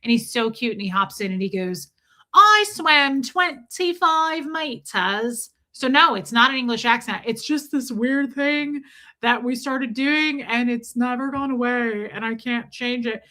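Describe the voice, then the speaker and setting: A woman's voice: fairly high pitch, steady tone, moderate pace, bright, forceful tone. A woman hosting a livestream, chatting casually and effusively thanking her viewers. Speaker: livestream host.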